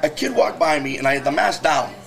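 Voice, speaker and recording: Brief: male podcast guest, higher-pitched, fast heated profane rants. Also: animated, creaky, a bit bright. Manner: heated, profane storytelling rant; quick, emphatic talk. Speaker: guest, business owner. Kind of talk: casual podcast conversation.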